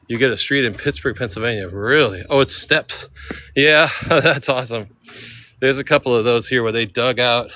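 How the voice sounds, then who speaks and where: Chill slangy dude walking uphill, out of breath, mid-pitch voice, faint street hum behind. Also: male voice, fairly bright tone. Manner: laid-back slangy talk, calls viewers dude. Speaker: vlogger. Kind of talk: casual walking livestream chat. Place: outdoors on steep city streets.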